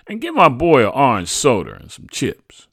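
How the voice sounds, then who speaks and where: A man's voice: mid-range voice, wildly swooping pitch, moderate pace, a bit bright, no echo, studio quality, pitched above the performer's own voice, full character voice. A man voicing an affectionate, proud father in a spoken story. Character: warm, proud working-class father.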